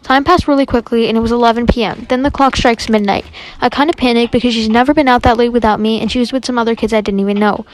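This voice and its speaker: Fast-talking young woman telling a story. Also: fairly high pitch, steady tone. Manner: chatty, dramatic retelling with quoted dialogue.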